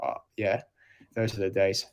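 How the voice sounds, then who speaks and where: A man's voice: low voice, little pitch movement, unhurried, a little mellow. A man co-hosting a casual live football chat, matter-of-fact and teasing, explaining old fantasy rules. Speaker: podcast co-host.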